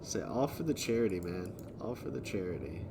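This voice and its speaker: A man live-streaming, reading and answering viewer chat in a relaxed way, chuckling often. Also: low-pitched, fairly quick, heavy background noise. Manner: laid-back, chuckling often, thanking viewers.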